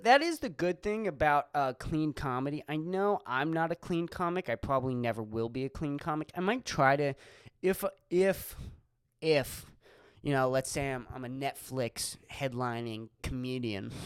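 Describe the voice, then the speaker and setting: A young man from Erie, Pennsylvania, a stand-up comic, talks solo on his podcast in a rambling, foul-mouthed way full of fillers. His mid-range voice comes across clear and resonant. The recording is dry and studio quality.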